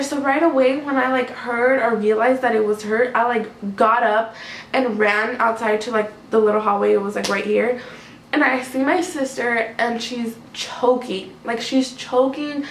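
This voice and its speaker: A young woman with a fairly high voice talks casually to her camera, rambling through a story and padding it with "like" after "like". The room is echoey, with a faint hum of noise behind her. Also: fairly bright tone. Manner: chatty, rambling, many "like" fillers. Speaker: vlogger. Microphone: camera mic.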